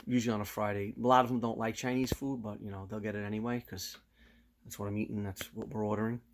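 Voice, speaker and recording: A man, chatting casually to camera as a vlogger and telling stories in an animated way. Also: lowish voice, fast talker, slight background noise. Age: 50s. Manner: animated storyteller, slips into loud quoted voices.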